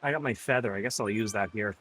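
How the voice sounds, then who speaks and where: A man's voice: on the low side, fast, a bit bright. A man talks easily while he pedals through a virtual cycling race, chatting to his stream and to his riding buddy. He laughs often and sounds slightly winded. A faint hum of noise sits behind him. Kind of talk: casual live-stream chat.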